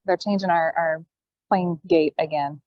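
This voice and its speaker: A woman guest telling a personal story in casual chat, with halting, thoughtful pauses, calling in from an airport gate over a video call. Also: deep voice, fairly even intonation. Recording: dull, dry call audio.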